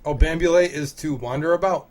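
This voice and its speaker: A man's voice: a little high, darkish tone. A man co-hosting a casual podcast, quizzing the others on a word and teasing them. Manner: teasing quizmaster, quick denials. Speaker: co-host.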